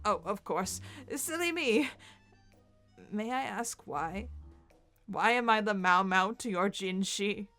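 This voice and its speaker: A woman's voice: mid-range voice, animated, slow, a bit bright, faint music behind. A woman voicing a smug young man with a put-on English accent, talking in a mock-formal, pompous way. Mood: mock-polite.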